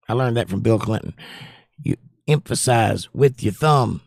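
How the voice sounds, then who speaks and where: Hoarse guy hosting a bible study stream, friendly, greets chat by name, close dry mic. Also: medium pitch, normal speed, a little mellow, dry recording. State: hoarse, nearly losing his voice. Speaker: livestream Bible study host. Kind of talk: casual chat reading live comments.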